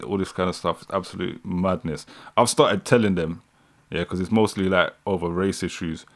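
A man's voice: low-pitched, steady tone, moderate pace, fairly bright tone. A British man giving casual live commentary on a news clip, mocking and laughing often, with slangy speech. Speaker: streamer reacting to news.

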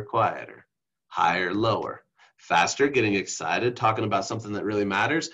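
A man teaching a lesson on speech delivery over slides, who calls his own voice monotone and keeps checking in with "okay?". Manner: self-described monotone, drops into deep exaggerated demos; frequent "okay?" check-ins. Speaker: instructor. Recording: dull lo-fi recording.

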